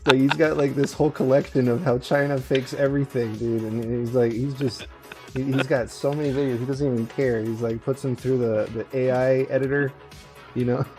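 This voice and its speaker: A man's voice: medium pitch, fairly even intonation, brisk, soft background music. A man co-hosting a radio show, chatting casually and rambling with lots of fillers, restarts and swearing. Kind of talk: casual chat.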